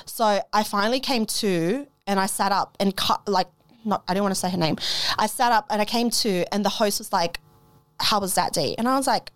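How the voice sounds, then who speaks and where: A woman hosting a podcast, telling a story in casual chat, lively and swearing, acting out quotes with big jumps in her voice. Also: medium pitch, fairly quick, clear, resonant tone, no echo. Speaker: podcast host.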